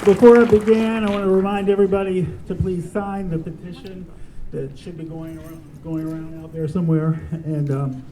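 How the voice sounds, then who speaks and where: A man's voice: sits high, flat delivery, normal speed, mellow, a little hiss or hum, rough recording. A man giving an impassioned prepared speech to a crowd outdoors, reading from notes with pointed emphasis. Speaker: speaker at a protest vigil. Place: outdoors at a courthouse vigil.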